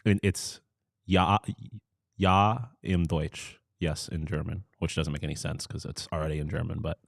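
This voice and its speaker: A man's voice: extremely low pitch, fairly even intonation, a little fast, vocal fry, husky, no echo, studio quality. A man co-hosting a sports podcast in casual chat, eager and self-deprecating. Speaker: podcast co-host.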